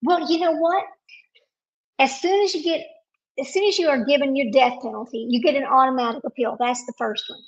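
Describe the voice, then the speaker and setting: A woman's voice: high-pitched, a little fast, lo-fi sound. A woman hosting a casual live stream, talking to viewers while searching her computer and getting frustrated.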